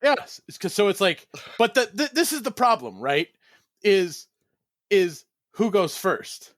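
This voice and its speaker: A man co-hosting a casual podcast, jokey and eager to pitch ideas. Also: sing-song, measured pace, dry recording, studio quality. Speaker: podcast co-host. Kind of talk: casual chat.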